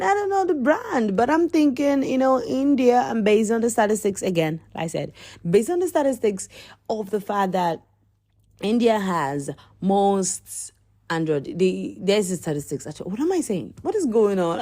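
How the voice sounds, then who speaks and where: A woman giving comedic commentary on the news, animated and exclaiming, rambling and repeating herself as she riffs. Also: mid-range voice, no room sound. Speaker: podcast host.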